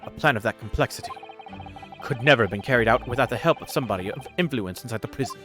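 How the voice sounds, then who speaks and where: A man's voice: mid-range voice, quick pace, music in the background, natural voice. A man voicing a cold, threatening young male prosecutor with a cool, cutting delivery. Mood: menacing.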